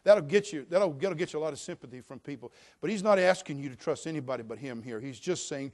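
A middle-aged pastor preaching to his congregation, his voice sitting a little high for a man. He rises to loud, ringing declarations, then drops low and slow to drive a point home. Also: expressive. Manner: preaching with wide swings between loud proclaiming and quiet, slow emphasis. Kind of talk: sermon.

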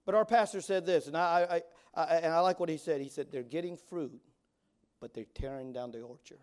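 A man in his forties preaching as a youth pastor, swinging between loud exhortation and quiet asides, often stammering and repeating words. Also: fairly high pitch, brisk. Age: 40s. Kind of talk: sermon.

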